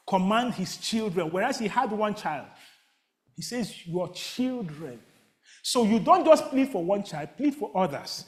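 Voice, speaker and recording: A man preaching a sermon in a church, asking the congregation call-and-response questions and rising to near shouts. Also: sits high. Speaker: pastor. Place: church sanctuary.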